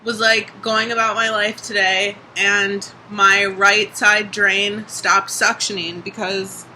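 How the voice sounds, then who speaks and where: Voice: mid-range voice, level tone, slow pace, sharp tone, slight background noise, low-quality recording. A young adult vlogger talking casually in a video diary, chatty, full of "like" and casual swearing.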